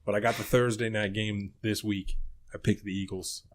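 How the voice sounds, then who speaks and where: Man, low voice, podcast co-host, blunt, swears freely. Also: little pitch movement, normal speed. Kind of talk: casual podcast chat.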